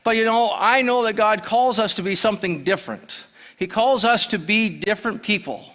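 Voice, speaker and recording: A man's voice: sits high, moderate pace, fairly bright tone. A man giving a church sermon as guest preacher, telling plain stories with restarts and repeated words. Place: church sanctuary.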